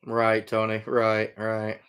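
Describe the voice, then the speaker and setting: A man's voice: fairly low pitch, monotone, takes it slowly, a bit bright, clear, resonant tone. A middle-aged man from Iowa hosting a casual livestream, answering viewer comments in an easygoing, rambling way with lots of fillers. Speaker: livestream host, trapper and hunter.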